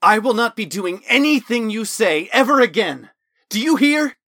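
A man's voice: a little high, lively intonation, a little slow, a bit bright, dry recording, studio quality, voice pushed up. A man voicing a troubled wealthy young man who speaks with impassioned earnestness in a storybook reading. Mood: furious.

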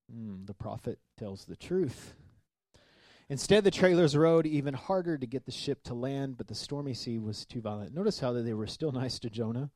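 A man preaching a sermon as pastor, reading scripture and commenting with animated asides. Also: mid-range voice, moderate pace, dry recording. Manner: animated, acts out the sailors' voices.

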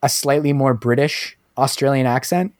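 A man co-hosts a relaxed podcast, joking in an easygoing way. His voice sits at a medium pitch, and the recording is dry and close, with no room echo. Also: moderate pace. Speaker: podcast co-host. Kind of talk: casual podcast chat.

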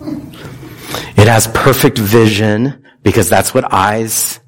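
A man's voice: lowish voice, takes it slowly. A man preaching a conversational sermon in a church, often asking his congregation questions. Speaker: pastor.

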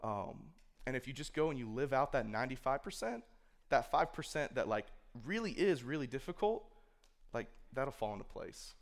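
A man's voice: medium pitch, very animated, moderate pace. A man speaking to a room of young people in a casual sermon, loose and conversational, filling his talk with "like" and voicing imagined thoughts. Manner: conversational, filler-heavy, acts out imagined inner thoughts. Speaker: youth speaker. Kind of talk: casual sermon to a youth group. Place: room with a live audience.

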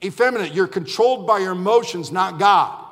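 A man's voice: sits high, a little fast, a bit bright, in a large hall. A man in his forties preaching a fiery evening sermon as pastor, emphatic and impassioned, driving home repeated refrains. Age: 40s. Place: church sanctuary.

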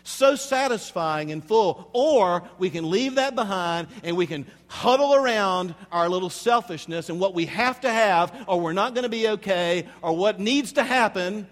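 A male pastor with a high-sitting, animated voice delivers a sermon, swinging from hushed, slow passages to loud, emphatic preaching. He addresses the congregation directly with rhetorical questions, and long hall reverb colors the recording.

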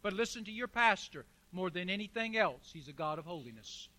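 A man's voice: high voice, expressive, fairly quick, bright, forceful tone. A man preaching a sermon as pastor, emphatic, with rhetorical questions and repeated phrases.

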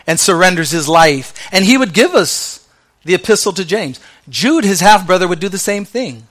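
Bright-voiced male pastor preaching. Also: on the high side, animated, moderate pace. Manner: conversational preaching with slang asides; drops to soft, quiet delivery on key lines. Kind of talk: sermon.

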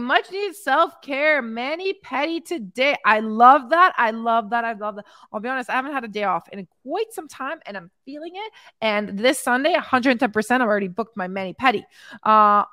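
Her voice is on the high side with a fairly bright tone, in a dry, studio-quality recording. Streaming live from home in Mexico, this fitness coach and podcast host reads viewer comments about her clients' wins. She cheers and hypes them with upbeat energy, getting emotional and wearing her heart on her sleeve.

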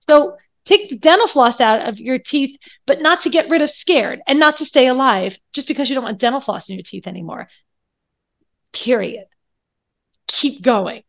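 A woman's voice: high-pitched, lively intonation, a little slow. A woman anxiety coach co-hosting a podcast, talking casually and animatedly, swearing and acting out little voices.

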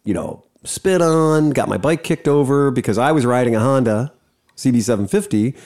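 A man hosting a podcast, telling a long story in casual chat, profane and animated. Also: mid-range voice, moderate pace. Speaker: podcast host.

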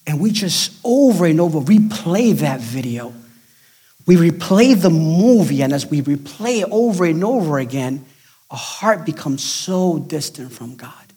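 A man's voice: moderate pace, husky. A middle-aged man preaching a sermon with emphatic delivery, sometimes dropping to near-whispers for effect and acting out the voices he quotes. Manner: acts out quoted voices in a raised, excited pitch. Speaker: pastor.

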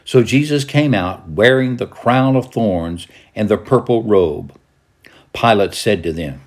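Low-voiced man reading scripture dramatically. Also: animated, moderate pace. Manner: dramatic, raises pitch and volume for quoted voices.

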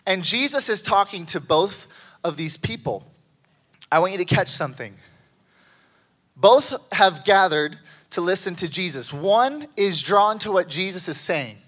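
A man preaching a sermon as a pastor, telling stories with excited jumps in his voice. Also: measured pace. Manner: animated storytelling with excited pitch jumps.

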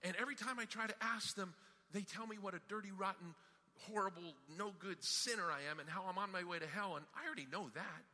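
Brief: man putting on a cranky young golfer who swears a lot, raised voice, bright edge, big hall echo. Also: high-pitched, fast, voice pushed up, full character voice. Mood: earnest. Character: blunt, foul-mouthed young male golfer. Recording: hall reverb.

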